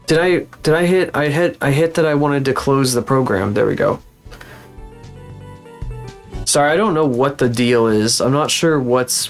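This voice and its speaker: A man streaming live as a VTuber, rambling and cursing in frustration while still recovering from being sick. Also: medium pitch. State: recovering from illness. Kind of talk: casual live-stream chat.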